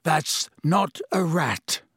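A man voicing a haggard escaped male prisoner with a croaky, slow, grim voice in an audiobook reading. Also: fairly high pitch, animated, a bit bright, no room sound, clean studio sound, pitched above the performer's own voice, full character voice.

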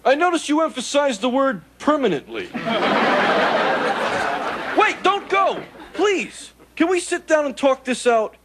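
A male voice, extremely high-pitched and animated, plays a furry alien houseguest in 1980s sitcom style, scheming, needy, firing off quick wisecracks and whining in a pleading mood. Loud studio audience laughter makes the recording noisy.

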